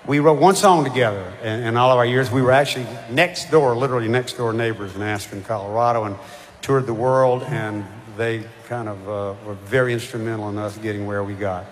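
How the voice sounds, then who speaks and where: An older man, a touring singer chatting between songs in a halting, rambling way with lots of fillers. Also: mid-range voice, slight background noise. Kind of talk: onstage banter between songs. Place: concert stage. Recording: live hall reverb with band music.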